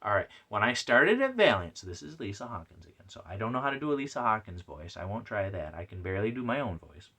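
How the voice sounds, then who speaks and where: A man's voice: on the low side, expressive, fast talker, hardly any pauses, a bit bright, husky. A man hosting a casual solo comic review podcast, rambling and chatty with lots of fillers and restarts. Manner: reads out messages with playful put-on voices. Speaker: podcast host.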